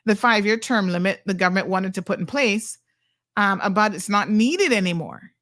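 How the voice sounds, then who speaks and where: A woman's voice: medium pitch, normal speed, a bit bright. A middle-aged woman hosting a talk show, blunt and sassy as she reacts to viewer comments.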